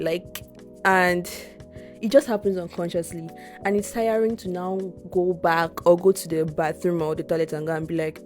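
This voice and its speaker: A young adult Nigerian woman co-hosts a casual podcast, speaking earnestly and reflectively with frequent restarts. Her voice is lowish and a little mellow, with a steady tone and moderate pace, over soft background music.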